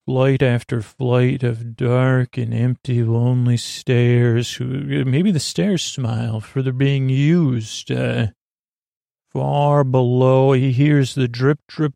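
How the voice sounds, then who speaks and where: A man telling a slow, meandering bedtime story as a podcast host, with many fillers. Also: medium pitch, vocal fry, warm tone, no room sound, clean studio sound. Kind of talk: improvised bedtime story narration.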